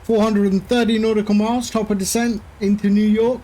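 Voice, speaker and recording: A man's voice: high voice, level tone, brisk, mellow. A man streaming a flight simulator, chatting casually and rambling with jokey asides to his viewers. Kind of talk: casual chat while flying a sim.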